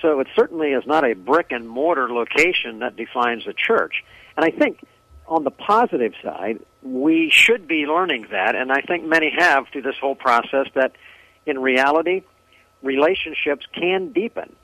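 A man's voice: medium pitch, animated, normal speed, creaky, sharp tone, no echo, low-quality recording. A man, a pastor interviewed as a guest on radio, answering thoughtfully with frequent ums, uhs and restarts.

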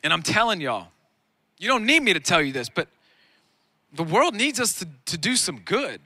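A man in his thirties preaching a sermon on a lawn, energetic and conversational with self-deprecating humor. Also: high voice, moderate pace, no room sound. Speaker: pastor. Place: outdoor lawn gathering.

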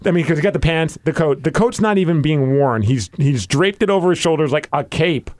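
A man's voice: a little high, fairly quick, no echo. A man hosting a podcast, telling a long anecdote in casual chat, full of filler words and restarts. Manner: animated storyteller, lots of filler words. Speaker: podcast host.

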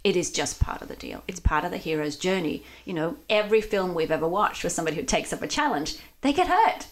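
Danish-accented woman, lowish voice. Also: animated, fast. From Denmark. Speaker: mindfulness coach and author. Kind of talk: casual interview chat.

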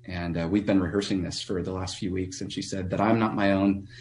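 Low-voiced pastor guy on a radio show, earnest, lots of restarts. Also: fairly even intonation, darkish tone, a little hiss or hum. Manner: earnest, halting, with many restarts. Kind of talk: telling a personal story on a radio call-in.

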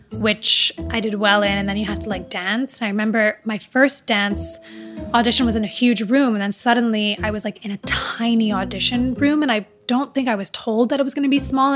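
A young adult actress with an unusual voice, chatting casually in an interview, rambling with lots of "like" fillers and restarts. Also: female voice, fairly high pitch, a bit bright. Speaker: actress guest.

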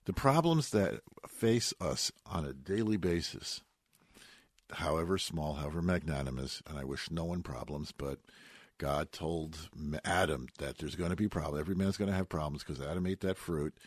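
A man's voice: very deep voice, moderate pace, husky, no echo, studio quality. A man giving a sermon on the weekly Bible portion, telling it as a story with folksy asides and Hebrew words mixed in. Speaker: rabbi giving a weekly Torah talk.

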